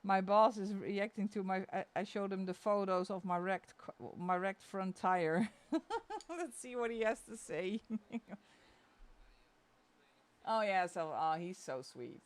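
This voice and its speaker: A woman's voice: lively intonation, slow. A woman chatting casually on a stream from home while she colors, laughing often. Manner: talks in a high coaxing baby voice to her dog.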